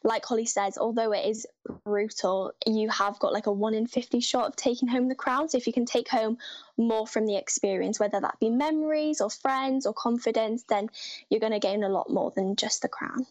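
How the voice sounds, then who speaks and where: A woman's voice: fairly high pitch, moderate pace. A teenage girl from North Wales, chatting upbeat with lots of fillers as a guest in a live interview. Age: teens.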